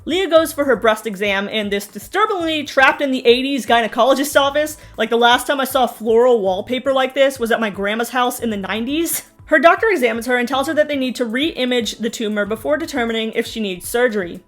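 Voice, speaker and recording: A woman's voice: a little high, a little fast, hardly any pauses, soft background music. A young woman giving snarky, sarcastic recap commentary on a reality show, with mocking asides. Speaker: TV recap host.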